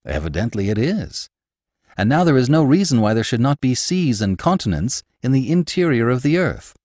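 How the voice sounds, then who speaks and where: A man voicing an excitable young nephew who asks rising, wondering questions. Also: medium pitch, moderate pace, dry recording, clean studio sound, pitched above the performer's own voice. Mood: excited. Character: eager young male scientist's nephew, excitable.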